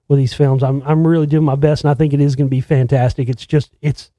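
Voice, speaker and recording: A man's voice: mid-range voice, level tone, quick pace, dark tone, no echo, highs cut off. A man who makes films tells a rambling, profane story in a casual way, often restarting his sentences. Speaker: filmmaker telling a story.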